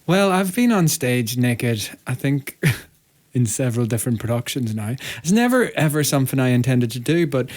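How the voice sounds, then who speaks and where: A man's voice: mid-range voice, big pitch swings, normal speed, darkish tone. Chatty man, easy mid-range voice. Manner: chatty, self-mocking, laughs often. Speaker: podcast co-host, musical theatre performer. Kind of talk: casual chat.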